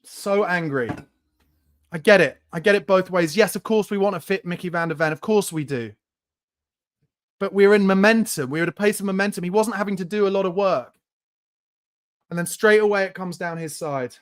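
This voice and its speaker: A high-pitched man speaking at normal speed, with long pauses, hosts a live watchalong. He calls the game play by play, angrily swears at his team's performance, and shouts in bursts.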